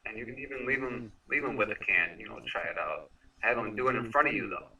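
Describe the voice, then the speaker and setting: Low-voiced man giving blunt sales advice. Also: lively intonation, fast, pushed and bright, distant mic, lo-fi sound. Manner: direct, instructive. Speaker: sales mentor. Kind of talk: casual sales coaching talk.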